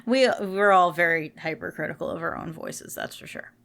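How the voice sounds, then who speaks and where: A woman co-hosting a podcast in casual chat, chatty and self-deprecating with quick asides, tired and yawning late in the week. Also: on the low side, gravelly, a bit bright. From New Jersey. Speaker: podcast co-host.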